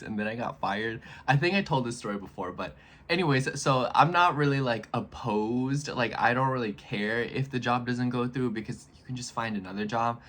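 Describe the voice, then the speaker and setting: A man in his twenties chatting casually in a vlog, rambling and animated as he speaks straight to his viewers. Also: medium pitch. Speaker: astrology YouTuber.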